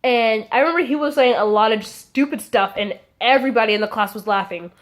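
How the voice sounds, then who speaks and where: A woman's voice: a little high, brisk. A young adult woman telling a casual storytime to her vlog audience, chatty and full of "like" fillers. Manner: chatty, frequent "like" fillers, acts out quotes. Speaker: vlogger.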